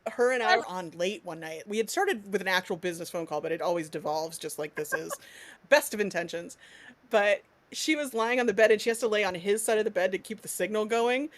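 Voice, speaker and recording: A woman's voice: mid-range voice, expressive, a little fast. A woman co-hosting a podcast in casual chat, telling stories animatedly and laughing often. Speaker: podcast co-host.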